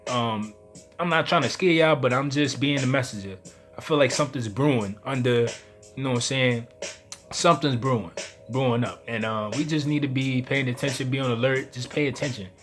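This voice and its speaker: A man tells his viewers about a dream, speaking at an everyday mid pitch. He retells it in a loose, animated way and acts out his own lines as quotes. Faint music plays behind his voice. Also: a little fast. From New York. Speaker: spiritual vlogger. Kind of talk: casual storytelling to camera.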